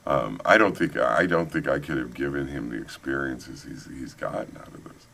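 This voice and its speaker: A man's voice: a bass voice, moderate pace, vocal fry. A middle-aged man with a Midwestern American accent, telling stories in a casual interview and acting out the quotes. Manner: animated storyteller, many restarts, acts out quotes. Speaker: author and paranormal investigator. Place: paranormal conference hall.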